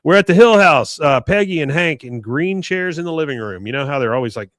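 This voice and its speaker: A man's voice: fairly high pitch, lively intonation, brisk, fairly bright tone, no echo. A man hosting a podcast, recapping an episode in a casual, rambling way with lots of hesitation. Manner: rambling, hesitant, fond of fillers. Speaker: podcast host. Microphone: podcast mic.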